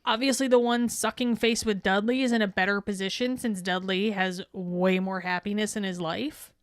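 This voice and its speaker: A woman's voice: medium pitch, fairly even intonation, normal speed, clean tone, no echo, clean studio sound. A woman co-hosting a podcast in casual, profane, laughing chat. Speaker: podcast co-host.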